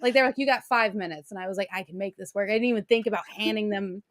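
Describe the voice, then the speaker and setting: A young adult woman co-hosting a podcast, telling a story in an animated, excitable way and laughing often. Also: medium pitch, very fast, no echo, studio quality. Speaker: co-host. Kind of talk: casual storytelling chat.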